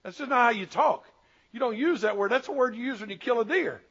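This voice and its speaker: Folksy preacher, high voice, lo-fi. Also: male voice, lively intonation, quick pace, a bit bright, husky. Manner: folksy, plain-spoken preaching with colloquial asides. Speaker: pastor. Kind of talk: sermon. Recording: dull lo-fi sermon recording.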